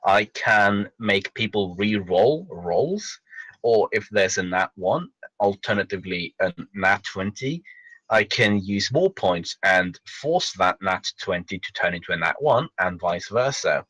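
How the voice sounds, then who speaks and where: A man's voice: fairly low pitch, expressive, measured pace, a bit bright, no room sound. A young man playing in a tabletop game, joking with the group in a playful way. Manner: playful, jokey. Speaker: player. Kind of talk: casual chat at a tabletop game.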